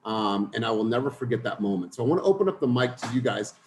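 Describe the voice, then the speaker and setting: A young man leads a group coaching call and tells his personal story in an earnest, direct way. His voice sits in a middle pitch. A faint hum of noise runs behind him. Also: expressive, quick pace.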